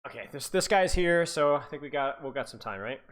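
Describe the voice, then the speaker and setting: A man's voice: a little high, expressive, brisk, a bit bright. A man and esports coach chatting casually on a livestream, rambling, repeating himself and laughing to his viewers. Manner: talks to chat viewers.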